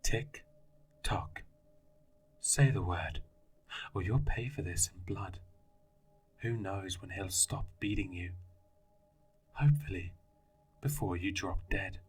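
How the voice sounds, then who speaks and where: A man voicing a cruel, taunting male spirit in a slow, hissing whisper. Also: sits low, slightly rough, full character voice. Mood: menacing. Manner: slow, mocking menace.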